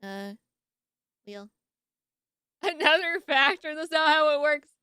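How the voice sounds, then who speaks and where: High bright playful streamer woman. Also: expressive, slow, dry recording, studio quality. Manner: playful and jokey, laughs often; sleepy, yawning. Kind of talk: casual live-stream chat.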